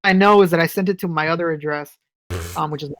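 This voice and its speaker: A man's voice: fairly high pitch, fairly even intonation, fast talker, a bit bright, dry recording. Profane, storytelling man on a podcast. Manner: profane storyteller, acts out quotes. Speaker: podcast co-host. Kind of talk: casual chat.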